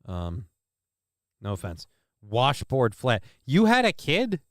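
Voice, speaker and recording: A man's voice: medium pitch, huge pitch swings, slow, no echo, studio quality. A man giving casual, rambling, sarcastic commentary as he reacts to a video.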